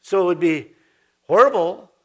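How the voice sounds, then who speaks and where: A man's voice: sits high, animated, normal speed. A man preaching an informal sermon as pastor, chatty and laughing, with frequent restarts and repeated words.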